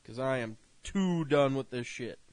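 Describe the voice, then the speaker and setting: A man co-hosting a casual review chat, swearing a lot and bursting into loud rants. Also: medium pitch, lively intonation, a little slow, smooth, no room sound. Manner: profane, ranting, loud outbursts. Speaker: co-host.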